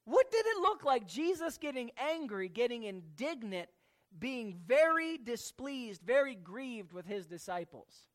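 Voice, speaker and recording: Slow-talking preacher going verse by verse, repeats words a lot, asks the congregation questions. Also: medium pitch, fairly bright tone. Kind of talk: sermon teaching from scripture.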